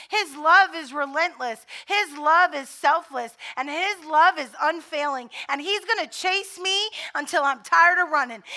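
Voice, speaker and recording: Very high bright woman pastor preaching. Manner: conversational storytelling preaching; swells to loud fervent repetition. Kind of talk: sermon.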